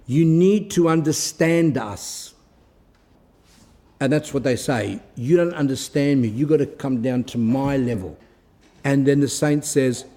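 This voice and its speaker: A man giving a blunt, moralizing Orthodox Christian talk, slowing down to read passages aloud. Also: fairly high pitch, warm tone. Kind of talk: recorded moral talk, reading and commenting on a text.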